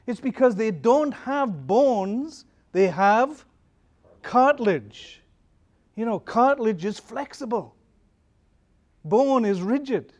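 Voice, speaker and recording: A man's voice: very high voice, a little mellow. A man, a pastor, giving a conversational talk at a conference, telling stories and asking the audience questions. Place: conference hall.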